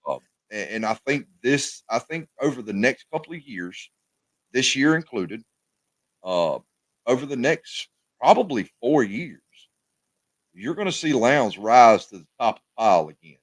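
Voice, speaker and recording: A man co-hosting a casual sports talk show, animated and often repeating his words. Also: mid-range voice, measured pace, no room sound.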